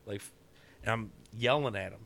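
A man telling a story in casual chat, profane and animated, often laughing. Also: on the low side, moderate pace, vocal fry.

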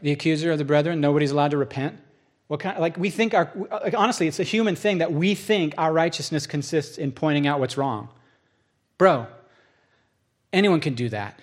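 Animated male pastor preaching a sermon. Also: fairly high pitch, a little fast. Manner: animated storytelling, acting out both sides of a dialogue; drops to a hushed, soft voice for solemn moments.

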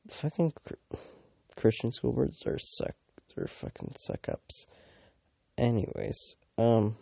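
Teenage boy, low voice, swinging pitch, rambling casual storytime, lots of swearing and fillers, dry close sound. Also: huge pitch swings, takes it slowly, creaky, mellow, no echo. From Canada. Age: teens. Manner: rambling, filler-heavy, swears often, mocking asides. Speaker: vlogger.

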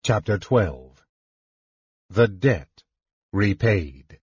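A man narrating an audiobook in a measured, dramatic reading. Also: fairly low pitch, animated, a little mellow, husky, dry recording. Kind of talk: scripted narration. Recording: dull lo-fi dry recording.

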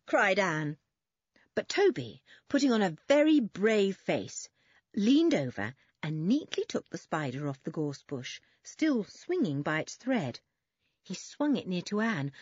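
Animated, breathy woman storyteller. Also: mid-range voice, dry recording, dull audio. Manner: expressive, animated reading. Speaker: audiobook narrator. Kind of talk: scripted children's story narration.

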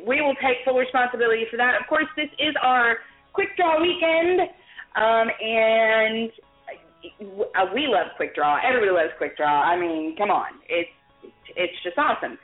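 A woman hosting a drinking trivia show as quizmaster, talking in a loose, folksy way with lots of ums and uhs. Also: fairly high pitch. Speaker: game show host and quizmaster. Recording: tinny lo-fi sound in an echoey room.

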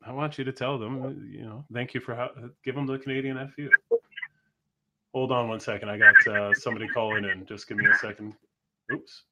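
A man's voice: medium pitch, steady tone, brisk, heavy background noise. Joking man hosting a live show. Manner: joking, rambling, laughs often. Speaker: host. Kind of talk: casual live show chat.

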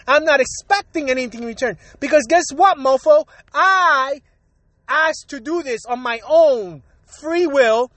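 Solo podcast host, male, very high pitch, angry and foul-mouthed, repeats himself, a cold lingering, dry close mic. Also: fairly bright tone, no room sound. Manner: profane, heated, repetitive. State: recovering from a cold, coughing. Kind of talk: solo rant.

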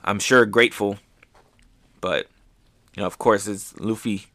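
Casual: low-voiced guy hyped recapping comics, goes soft a lot, dry mic. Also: unhurried, no room sound. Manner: excited, often dropping soft. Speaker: podcast host.

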